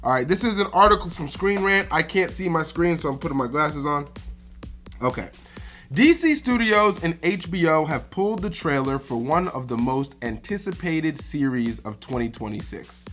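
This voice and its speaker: Emphatic ranting man with bright voice. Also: fairly high pitch, lively intonation, normal speed, soft background music. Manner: emphatic, profane, repeats "all right?". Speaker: host of a movie reaction channel. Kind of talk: ranting casual commentary.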